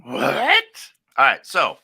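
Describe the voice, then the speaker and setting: An American man co-hosting a casual internet radio talk show, talking in halting bursts with many fillers and restarts, often laughing. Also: medium pitch, huge pitch swings, creaky, sharp tone, husky. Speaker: co-host.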